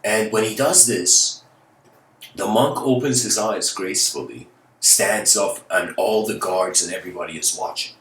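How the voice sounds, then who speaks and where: A man's voice: lowish voice, moderate pace, fairly bright tone. A man giving a philosophical lecture, telling a story in a casual, rambling way with many fillers like "you know.". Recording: roomy, distant mic, faint noise.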